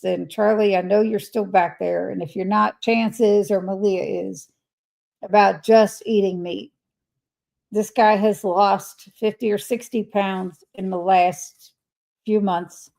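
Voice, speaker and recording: This older livestream host chats casually, voicing viewers' comments and responding to them with warmth. Her voice is medium-pitched and creaky, and the audio quality is poor.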